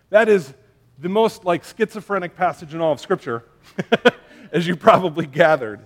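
A man with a fairly high voice preaching a sermon. He talks in a loose, conversational way, full of fillers and asides, and he mixes humor from family stories into his teaching. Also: moderate pace. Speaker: pastor.

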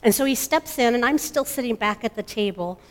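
Halting woman telling a testimony. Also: fairly high pitch. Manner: emotional, halting, with many restarts. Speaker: grieving mother giving a testimony. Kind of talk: personal testimony. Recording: long hall reverb.

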